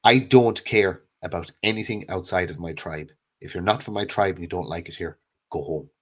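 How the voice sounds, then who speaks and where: Irish male co-host, very low husky voice, angry profane ranter. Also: moderate pace. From Ireland. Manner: furious, blunt and profane, repeating short slogans. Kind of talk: angry political rant on a live stream.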